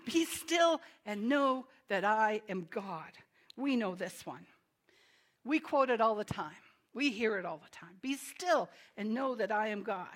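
A woman preaching a sermon in a conversational, animated way, with dramatic pauses and quick laughing asides. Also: mid-range voice.

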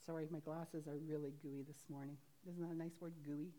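A woman's voice: low voice, flat delivery, fairly quick, mellow. A woman pastor preaching a sermon in a homely, chatty way, laughing at herself now and then. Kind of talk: sermon with storytelling.

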